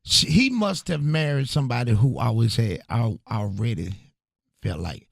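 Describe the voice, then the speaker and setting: Man, sports podcast co-host, husky, dry close sound. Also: mid-range voice, moderate pace, no echo. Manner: animated storyteller, does voices. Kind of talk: casual sports podcast chat.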